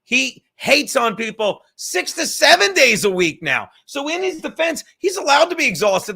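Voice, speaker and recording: A man's voice: extremely high pitch, very animated, moderate pace, gravelly, hardly any pauses, sharp tone, breathy edge. A tired man hosting a casual live stream from home, rambling and swearing, with joking asides to the chat. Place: home room.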